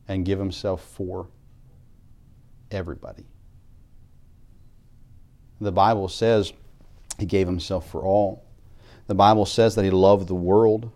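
A man preaches a sermon, reading scripture aloud in King James wording. He builds from quiet reflection to louder emphasis, and his voice sits low.

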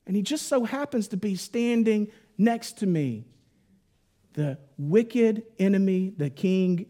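A man preaching a Bible teaching in a conversational, animated way, full of casual asides. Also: high voice. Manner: conversational and animated, lots of 'like'.

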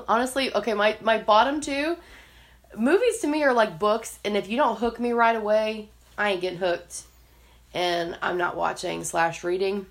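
Lady cohost on a podcast, kinda gravelly, chatty and laughy. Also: mid-range voice, moderate pace. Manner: chatty and animated, laughs often between thoughts. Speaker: podcast co-host. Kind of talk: casual podcast chat.

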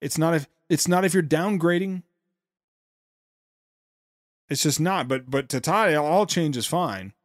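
A man's voice: on the high side, no echo, studio quality. A man hosting a podcast, commenting critically and sarcastically on a speech, often stopping and restarting his sentences. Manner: sarcastic, with many halting restarts. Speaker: podcast host.

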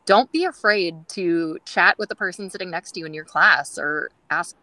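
A woman's voice: fairly low pitch, normal speed, pushed and bright, dry recording, rough recording. A woman guest on a groomers' podcast, telling stories in a chatty way with many fillers and acting out quoted dialogue. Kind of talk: casual storytelling interview.

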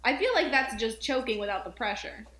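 A woman with a higher-pitched voice co-hosts a casual book-discussion podcast. She reacts quickly, giggles often and fills her sentences with "like". She sounds like she is on a remote call with her co-host. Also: expressive, fairly bright tone.

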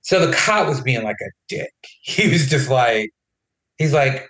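Podcast co-host, man, casual and animated, mid-pitched storyteller. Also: unhurried, roomy sound, rough recording. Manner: animated, quotes others in his retelling.

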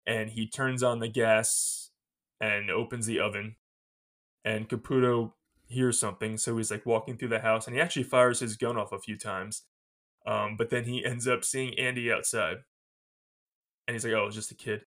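A man's voice: fairly low pitch, flat delivery, normal speed, fairly bright tone. A man co-hosting a podcast, casually retelling a film's plot and laughing often as he goes. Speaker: podcast co-host. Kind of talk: casual film recap chat.

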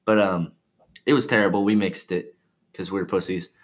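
Young guy, low voice, rambling cussing stories between friends, laughs a lot. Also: steady tone, moderate pace. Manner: rambling, profane storytelling with frequent laughs. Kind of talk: casual chat.

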